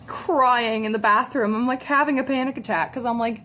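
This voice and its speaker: A woman's voice: fairly high pitch, slight background noise. A young woman telling a story in casual chat while doing her makeup, acting out the customers she dealt with. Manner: animated storytelling, acting out customers in quick bursts. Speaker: makeup vlogger.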